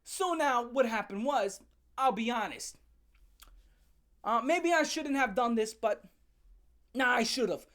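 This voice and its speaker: A woman's voice: on the high side, takes it slowly, pauses often. Sarcastic, foul-mouthed woman ranting. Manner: profane, sarcastic, animated. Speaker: channel host. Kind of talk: comedic storytelling rant.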